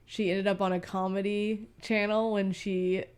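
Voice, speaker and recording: A woman's voice: medium pitch, level tone, a little mellow, clear, resonant tone. A woman co-hosting a podcast, teasing and pushing back in casual chat. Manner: quick, teasing, pushes back. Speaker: podcast co-host.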